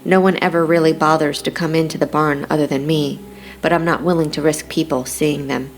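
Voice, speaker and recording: A woman narrating a romance audiobook in the first person with a steady, reflective reading. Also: low voice, a little fast, slight background noise.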